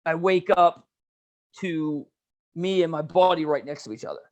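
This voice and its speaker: A young man co-hosting a podcast, telling a story in an animated, slangy way, swearing and saying "dude" all the time. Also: fairly high pitch, moderate pace. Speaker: podcast co-host. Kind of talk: casual storytelling chat.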